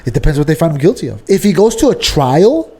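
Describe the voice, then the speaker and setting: Argumentative New York man, mellow voice. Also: on the high side, sing-song, fast talker. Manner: argumentative, clears throat often, restarts sentences. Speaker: podcast co-host. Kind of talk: casual debate.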